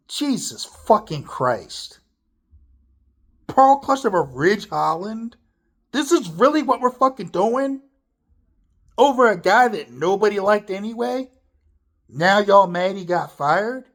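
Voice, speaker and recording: Profane, fired-up ranting man. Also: measured pace. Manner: lively, swooping pitch. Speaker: wrestling commentator. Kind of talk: opinion rant to camera.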